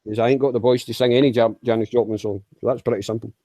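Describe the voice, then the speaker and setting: A Scottish man hosting a casual chat, talking quickly and joking at his own expense. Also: medium pitch, steady tone, warm tone, dry recording. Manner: quick, joking, laughs at himself. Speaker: host.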